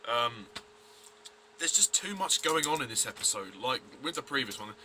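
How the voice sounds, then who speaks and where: Blunt male reviewer, tense bright voice, faint hiss behind. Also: mid-range voice, big pitch swings, moderate pace. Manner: blunt, rambling, many fillers and restarts. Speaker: TV episode reviewer. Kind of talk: casual review vlog.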